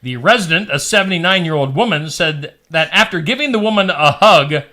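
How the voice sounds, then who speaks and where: A man's voice: fairly high pitch, animated, fairly quick, pushed and bright. A man hosting a radio show, reading odd news stories with jokey asides. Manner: barks like a dog for laughs.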